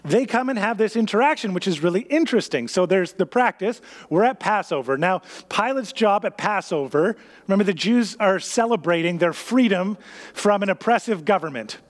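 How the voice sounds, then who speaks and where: A man preaching a sermon, acting out everyday scenes with lively, raised voices between calmer teaching. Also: high voice, moderate pace, long reverb tail. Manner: animated, acts out scenes in a raised voice. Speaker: pastor.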